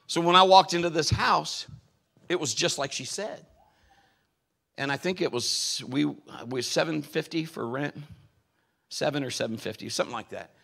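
Pastor guy preaching, kinda high and gravelly, gets loud and punchy on the big points. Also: moderate pace, pauses often. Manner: emphatic, swells loudly on key points. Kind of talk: sermon with personal storytelling.

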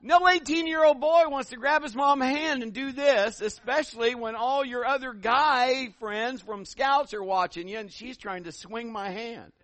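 A middle-aged male pastor tells homespun stories during his sermon in an animated, folksy way, his voice high and lively. He keeps a moderate pace with few pauses, and the sound is close and dry, with little room and no echo.

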